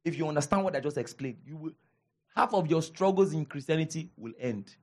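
A man with a Nigerian accent preaching a sermon as pastor, animated, repeating his lines for emphasis and calling out to the congregation. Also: fairly high pitch, fairly quick.

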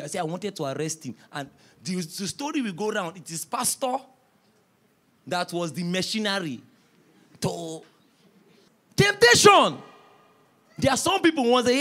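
A man preaching from the pulpit, acting out stories with quoted voices and building to loud, forceful shouts. His voice sits high for a man and swings widely in pitch. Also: moderate pace, long pauses. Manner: storytelling, animated, rising to shouts. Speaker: pastor. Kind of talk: sermon.

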